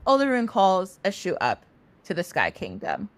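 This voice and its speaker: A young adult woman hosting a podcast, retelling a myth in a chatty, animated way with casual profanity. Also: medium pitch, normal speed. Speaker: podcast host. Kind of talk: casual mythology storytelling.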